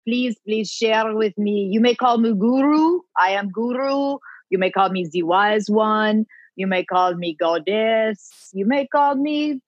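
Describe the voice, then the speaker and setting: A woman's voice: medium pitch, measured pace, no room sound, lo-fi sound, natural voice. A woman playing a pompous guru with a put-on accent. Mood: haughty. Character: pompous self-declared female guru. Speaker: comedy podcast regular. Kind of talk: improvised comedy sketch.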